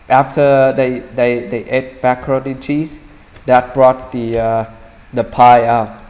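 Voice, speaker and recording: Man, Vietnamese accent, slow and halting, lots of uh, reverberant room. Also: medium pitch, little pitch movement, darkish tone. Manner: halting, many fillers, simple broken English. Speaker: English teacher. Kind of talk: explaining a storybook.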